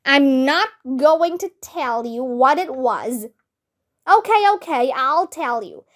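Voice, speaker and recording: Woman narrator, children's read-aloud, high and animated, unhurried. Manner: lively, expressive, voices characters with squeals.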